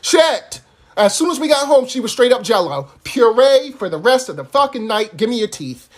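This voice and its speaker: A man's voice: extremely high pitch, expressive, moderate pace. A man telling a comic story in a crude, exasperated way, cursing heavily. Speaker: comedic storyteller.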